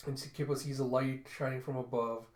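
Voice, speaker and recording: A man's voice: mid-range voice, flat delivery, brisk. Casual man narrating a comic, echoey room. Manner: casual, chatty, repeats "and you see". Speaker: comic book reviewer. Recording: roomy echo.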